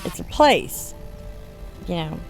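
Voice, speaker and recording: A woman's voice: fairly low pitch, big pitch swings, takes it slowly, vocal fry, soft background music. A woman with a Southern US accent, raised in the South after a Michigan childhood, chatting in a rambling way over gameplay and laughing between words. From born in Michigan, raised in the US South. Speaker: gaming channel host. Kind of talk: casual chat over gameplay.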